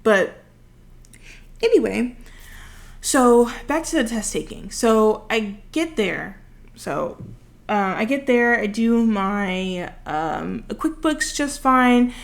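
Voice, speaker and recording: Speaking slowly in a gravelly, somewhat high voice with lively intonation, a young woman in her twenties tells a long, rambling story at her own expense as she builds. She's a vlogger, close to her desk microphone.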